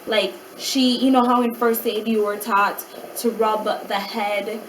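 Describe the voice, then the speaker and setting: A mother in a casual vlog, retelling a hospital night in an animated way and acting out what other people said. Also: a little high, measured pace, distant mic, a little hiss or hum, rough recording. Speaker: mother of a child with a rare syndrome.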